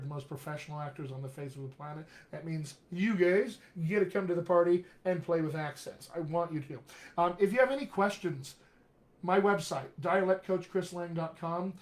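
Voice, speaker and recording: A middle-aged man, a dialect coach, giving an energetic, jokey live-streamed lesson, often checking in with "all right?". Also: on the high side. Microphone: webcam or computer mic on a live video stream.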